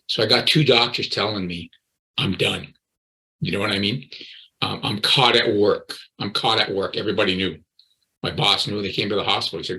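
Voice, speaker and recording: A man's voice: fairly low pitch, steady tone, brisk, sharp tone, low-quality recording. A man in his sixties, a recovery coach, earnestly telling his personal story in an interview and often repeating his words.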